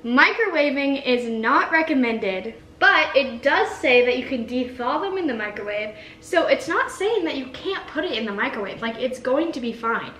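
A woman's voice: sits high, expressive, normal speed, few pauses, sharp tone, reverberant, low-quality recording. A young woman rambling chattily through a cooking vlog, mocking herself as she goes. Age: young adult. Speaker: vlogger.

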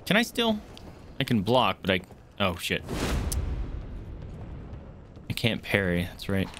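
A young man giving live commentary as he plays a game, reacting loudly and swearing often, yelping when startled. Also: lowish voice, huge pitch swings, slow pace, background noise. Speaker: streamer playing a game.

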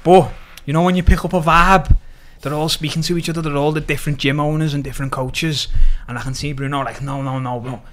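A man from Liverpool with a Scouse accent, a podcast guest lively retelling his story with quoted dialogue and plenty of swearing. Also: fairly high pitch, fast talker, few pauses. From Liverpool, England. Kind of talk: casual storytelling interview.

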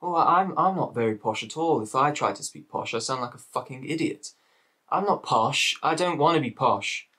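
A man with an English Midlands accent hosts a reaction video, talking at an ordinary pitch with a bright, forceful tone. He rants casually, swears freely and repeats himself for emphasis. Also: lively intonation, normal speed, slightly rough. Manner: ranting, swearing, repetitive.

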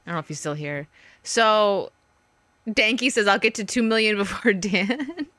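A woman's voice: medium pitch, lively intonation, normal speed, fairly bright tone, no echo. A woman streaming a video game, chatting casually and playfully, often laughing at herself. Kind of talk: casual let's-play commentary.

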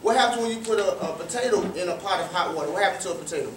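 High-voiced man giving a motivational talk. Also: very fast, slight background noise. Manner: interactive, quizzes the audience with questions; repeats phrases for emphasis. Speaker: guest speaker at a youth cricket academy. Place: large room with an audience. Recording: roomy, distant, faint ambience.

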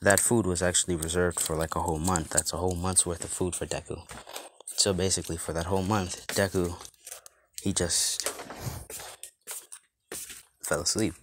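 Man, deep voice, casual storyteller, loose and rambling, lots of fillers. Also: flat delivery, normal speed, pauses often, background noise. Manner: rambling, many fillers and restarts. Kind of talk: casual fan-story retelling.

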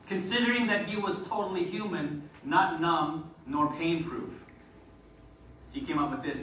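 Man, pastor, sermon, call-and-response, slightly high voice, faint room noise. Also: pushed and bright. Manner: call-and-response preaching, rises and drops in volume. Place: church sanctuary. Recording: roomy church echo from far off.

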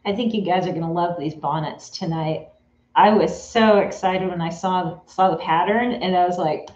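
A woman's voice: on the low side, normal speed, a little mellow. Chatty woman greeting stream viewers. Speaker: live sewing stream host. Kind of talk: casual live-stream chat. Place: home sewing studio. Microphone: camera mic in the room. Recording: roomy, slightly dull sound.

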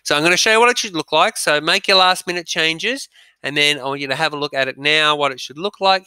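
Male schoolteacher running a dictation, bright, crisp, dry close sound. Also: a little high, fast, no room sound. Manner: chatty, upbeat teacher instructions with frequent ums. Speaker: primary school teacher. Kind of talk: remote dictation lesson. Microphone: recorded audio, speaker not seen.

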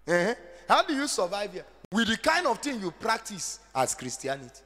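A man preaching with fervour, his voice pitched high and swooping widely between hushed lines and sudden shouts. He takes his time, leaning on words in a sing-song way, and the sound rings with the long reverb of a church hall. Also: wildly swooping pitch, normal speed, few pauses. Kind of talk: sermon.

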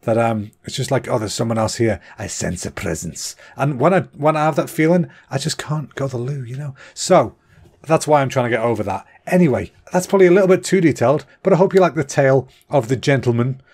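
A man's voice: mid-range voice, expressive, fast talker, darkish tone. Young guy rambling through a funny story on his podcast, swears a lot, laughs at himself. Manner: chatty, self-deprecating, sweary. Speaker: comedy podcast host.

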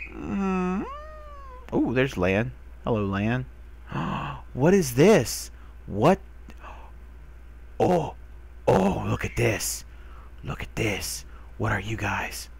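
Excitable young man talking to game animals. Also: mid-range voice, gravelly, slight background noise. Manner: talks to animals, excitable, squeals when delighted. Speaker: gamer. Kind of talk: casual let's play commentary.

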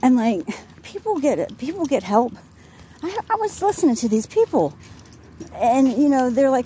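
A woman's voice: sits high, sing-song, normal speed, dark tone, a little hiss or hum. Exasperated woman venting outdoors. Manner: exasperated, venting, rambling with restarts. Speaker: vlogger. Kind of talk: casual venting vlog. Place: outdoors, walking a dog on a street.

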